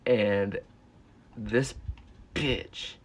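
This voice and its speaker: Speaking extremely slowly, a teenage boy tells a storytime vlog as a YouTuber, his fairly low voice keeping a fairly even intonation. He rambles and swears, filling his talk with "like" and "uh."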